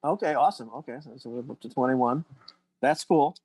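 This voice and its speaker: A man's voice: mid-range voice, fairly quick, darkish tone, slightly rough, no room sound, poor audio. A man running a tabletop game as game master, narrating in a rambling way with many restarts. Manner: rambling, full of restarts and "you know".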